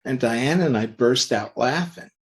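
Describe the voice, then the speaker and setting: A man who works in comics, telling anecdotes in a podcast interview, acting out the quoted lines in lively voices. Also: mid-range voice, measured pace. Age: older. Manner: animated anecdotal storytelling, acts out quoted dialogue. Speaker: interview guest, comic creator.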